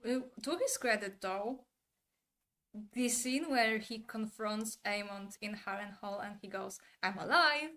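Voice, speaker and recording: A woman giving her candid opinions in a casual monologue, turning animated when she imitates actors' delivery. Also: medium pitch, a little slow. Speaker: commentator.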